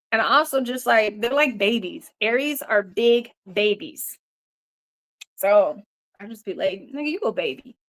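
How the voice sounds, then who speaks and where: A woman's voice: mid-range voice, fairly bright tone. Rambling, profane woman on a livestream. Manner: rambling and profane, laughs often, many "you know" fillers. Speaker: livestream host. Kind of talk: casual live-stream chat.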